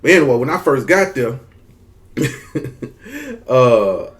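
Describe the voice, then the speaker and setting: Man, Mississippi drawl, country, laid-back, drags words, slangy storytelling, middle pitch. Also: very animated, slow. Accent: Mississippi Southern drawl. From Mississippi, US South. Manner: laid-back, drags words, slangy, frequent "you know what I'm saying". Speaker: content creator. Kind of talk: casual storytelling monologue.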